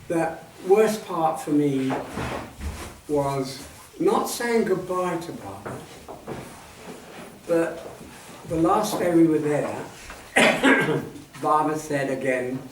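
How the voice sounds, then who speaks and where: A man in his seventies shares personal memories at a talk, speaking softly and reflectively and letting his sentences trail off. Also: a little high, expressive, takes it slowly, long pauses. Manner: reflective, soft-spoken, trailing off at line ends. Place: meeting hall at a centre. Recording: echoey hall, distant mic, faint noise.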